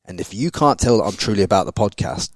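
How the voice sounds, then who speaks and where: A man hosting a casual podcast interview, blunt and energetic, swearing freely. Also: on the low side, quick pace, no room sound. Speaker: podcast host.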